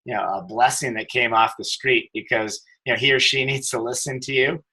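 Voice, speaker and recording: A man's voice: medium pitch, fairly even intonation, fairly quick, bright, forceful tone, breathy edge, rough recording. A middle-aged man, a telecom executive, telling stories as a podcast guest, with many fillers and restarts. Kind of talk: casual interview storytelling.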